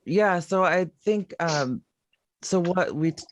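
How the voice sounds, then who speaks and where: A man hosting a podcast interview, summarizing a case in a deliberate, loose way with many fillers. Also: high-pitched, lively intonation, slight background noise. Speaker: podcast host.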